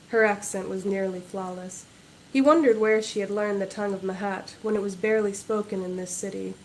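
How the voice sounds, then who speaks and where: Woman author reading her own novel aloud, measured and even, mid pitch, faint background noise. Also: low-quality recording.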